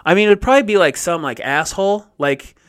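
Young male co-host, lively rambling storyteller, bit of a raised pitch. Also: fast, smooth. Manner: animated, swears freely, rambling storyteller. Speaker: podcast co-host. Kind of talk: casual chat.

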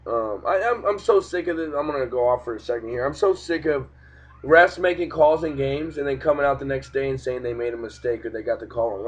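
A young man hosting a casual sports podcast, talking in a profane, ranting way about games and referees. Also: medium pitch. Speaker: podcast host. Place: home room, cat nearby. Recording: dull lo-fi home podcast recording.

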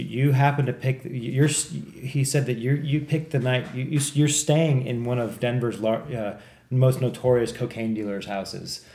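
Man, casual storyteller, profane, animated, acts out characters, roomy echoey sound. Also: mid-range voice. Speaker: podcast co-host. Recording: echoey room.

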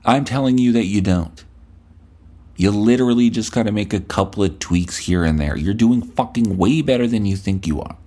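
A man's voice: lowish voice, moderate pace, mellow. A male podcast host delivering a blunt, profane, scolding rant at the listener. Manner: blunt, scolding, heavy swearing.

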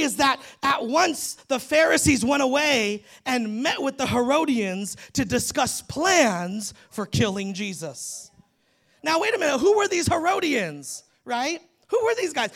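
High, gravelly-voiced preacher telling stories. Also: fairly bright tone. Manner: conversational storytelling with humor; addresses the congregation directly. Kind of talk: sermon.

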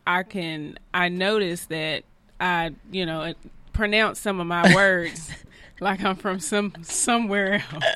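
Bright-voiced chatty woman from California. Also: fairly low pitch, fairly even intonation, slow, smooth, no echo. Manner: chatty, self-deprecating, rambling. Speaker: co-host. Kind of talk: casual chat.

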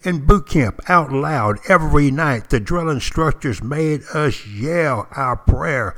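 Folksy older ex-Marine storyteller. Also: male voice, a little high, animated, sharp tone. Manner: folksy, dramatic pauses, addresses listeners directly. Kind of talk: spoken storytelling to listeners.

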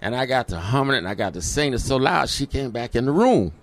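A man's voice: mid-range voice, very animated, fast talker. A middle-aged man, telling a personal story as an interview guest and acting out the voices in it.

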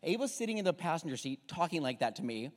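Male pastor, sermon, high voice, long church-hall reverb, lively storytelling. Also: fast talker. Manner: lively storytelling, has the congregation repeat phrases. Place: church sanctuary.

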